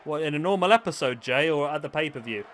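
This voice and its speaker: A man's voice: a little high, animated, fast talker. A young man streaming a wrestling game, chatting casually with his viewers in a self-mocking way. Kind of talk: casual live-stream chat and commentary. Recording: loud game crowd and background noise.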